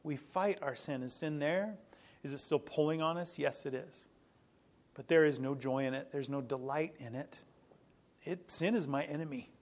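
A man's voice: a little high, normal speed, darkish tone. A middle-aged man preaching a sermon as pastor, earnest and emphatic, repeating key phrases and breaking into small laughs. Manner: frequent small laughs and restarts.

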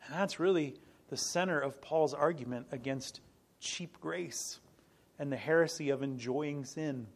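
Emphatic preacher, a man with a higher voice. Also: unhurried. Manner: earnest, emphatic teaching with repeated phrases; frequent small laughs and restarts. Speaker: pastor. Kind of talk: sermon.

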